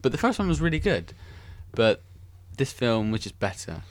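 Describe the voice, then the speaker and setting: A man's voice: mid-range voice, sing-song, normal speed. A young man hosting a casual podcast, rambling enthusiastically about films and often correcting himself. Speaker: podcast host. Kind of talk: casual film chat.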